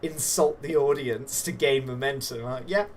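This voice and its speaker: A man's voice: mid-range voice, moderate pace, a little hiss or hum. A man as game master, narrating a tabletop wrestling game with playful, vivid play-by-play.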